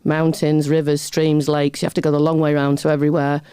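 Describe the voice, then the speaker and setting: A middle-aged woman with a warm, mellow voice spins one funny story after another as an interview guest. Her delivery is chatty and self-mocking, and she laughs easily between lines. The sound is close and dry, with no room in it. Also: low voice, a little fast, clear, resonant tone, dry recording. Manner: chatty, animated anecdotes with laughter; self-deprecating humor.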